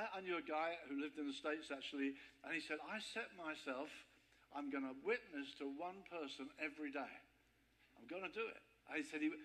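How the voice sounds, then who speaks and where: A man preaching a sermon, animated and conversational, often acting out the people he quotes and repeating himself as he goes. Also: fairly high pitch, rough recording. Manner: animated, acts out quoted voices, repeats words.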